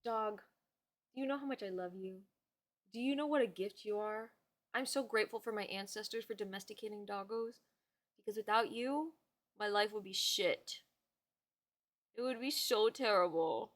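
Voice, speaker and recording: A woman's voice: medium pitch, normal speed. A woman livestreaming from home, chatting casually with her viewers and fussing affectionately over the dog in her lap.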